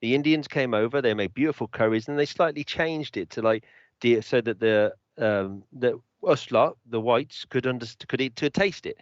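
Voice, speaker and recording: A man's voice: medium pitch, normal speed, no echo. Man, Birmingham English accent, casual podcast chat, dry close sound, slightly dull lo-fi mic. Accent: Birmingham English, mixed with London. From England. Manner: chatty storyteller, uses British slang. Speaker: podcast co-host.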